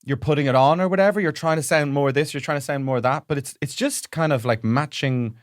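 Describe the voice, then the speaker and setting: A man's voice: on the high side, brisk, no echo, clean studio sound. A young man co-hosting a podcast, chatting casually and slipping into impressions as he tells stories. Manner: animated storyteller, lots of impressions. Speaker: podcast co-host. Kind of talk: casual comedic chat.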